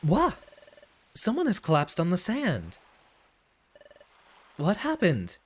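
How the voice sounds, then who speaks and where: A man voicing a timid young male creature hero, hesitant and self-doubting, with a lively, up-and-down delivery. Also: high-pitched, takes it slowly, husky, pitched above the performer's own voice, full character voice. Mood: gentle, concerned.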